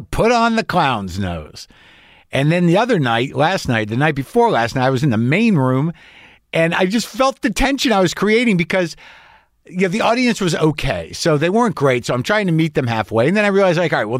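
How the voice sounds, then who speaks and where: A man's voice: fairly high pitch, dry recording, clean studio sound. Restless, wry fifty-something man rambling. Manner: self-questioning, wry, restless, circling back on himself. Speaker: podcast host and comedian. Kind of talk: rambling confessional monologue.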